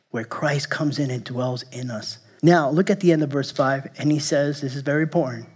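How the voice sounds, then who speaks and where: A man preaching as pastor, repeating key phrases for emphasis and dropping from loud to hushed. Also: mid-range voice, moderate pace, husky. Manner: chuckles at his own slips. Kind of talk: sermon.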